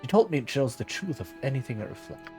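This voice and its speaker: A man's voice: mid-range voice, quick pace, faint music behind. A man reading aloud the lines of a weary, curt innkeeper who has lost everything, in a game. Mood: mournful. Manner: flat read-aloud delivery of game dialogue. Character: bitter ruined male innkeeper, weary and curt.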